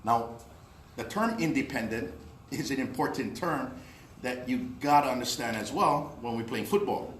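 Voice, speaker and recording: A man's voice: mid-range voice, moderate pace, a bit bright. A man giving a history lecture to a live audience, explaining step by step and often checking in with "right?" and "okay?". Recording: echoey room with faint noise.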